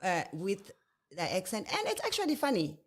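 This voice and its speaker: A woman's voice: mid-range voice, wildly swooping pitch, normal speed. A woman with a South African accent whose home language is Zulu, co-hosting a podcast in a reflective, hesitant way with sayings. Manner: thoughtful, hesitant with uh and restarts, uses proverbs. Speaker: podcast co-host. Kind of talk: casual chat. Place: podcast recording in Britain.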